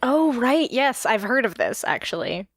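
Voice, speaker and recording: A woman's voice: on the high side, sing-song, moderate pace, husky, no echo, studio quality. A young woman from New York co-hosting a casual podcast, chatty and laughing often, with lots of filler words. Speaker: podcast co-host. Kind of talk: casual chat.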